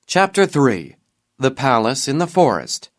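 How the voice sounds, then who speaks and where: A man narrating a graded-reader story in a slow, clear reading voice. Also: mid-range voice, sing-song.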